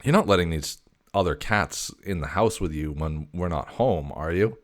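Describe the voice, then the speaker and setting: A man's voice: low voice, normal speed. A man hosting a comedic casual chat, stammering, cursing and sounding exasperated. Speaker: video host.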